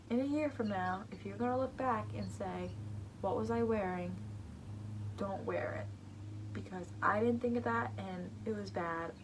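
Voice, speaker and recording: Teenage girl, casual vlog chat, rambling, says "like" a lot, mid-pitched voice. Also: noisy background. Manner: chatty, rambling, heavy use of "like". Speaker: vlogger. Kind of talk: casual storytelling to camera.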